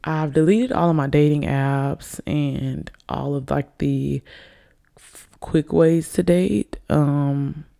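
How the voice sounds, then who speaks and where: Young woman, tipsy, mellow gravelly voice, rambling podcast host. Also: sits low, fairly even intonation, slow pace. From Alabama, US. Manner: chatty, rambling, addresses listeners as y'all. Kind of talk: casual solo podcast chat. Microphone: desk microphone on camera.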